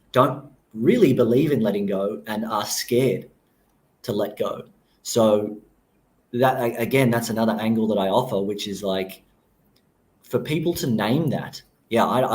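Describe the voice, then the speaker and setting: A man explaining his approach calmly and thoughtfully as a guest on a podcast interview. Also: fairly low pitch.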